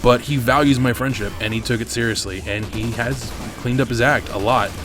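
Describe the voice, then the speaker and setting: Gaming host, man, mid-pitched, tells rambling candid stories with plenty of swearing, home desk mic. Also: fairly even intonation, brisk, over music. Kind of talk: casual storytelling over gameplay.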